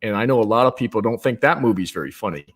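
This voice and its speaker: A man's voice: on the low side, animated, racing. A man who works as a marketing executive, a guest on a live video chat, giving candid and opinionated views with some self-deprecation. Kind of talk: casual video chat interview.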